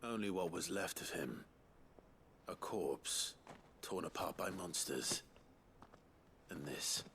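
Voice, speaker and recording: Clive, grim deep-voiced hero. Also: male voice, animated, slow, a bit bright, slight background noise, exaggerated voice. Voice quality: deep, terse and weary. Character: grim young male swordsman hero. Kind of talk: video game dialogue.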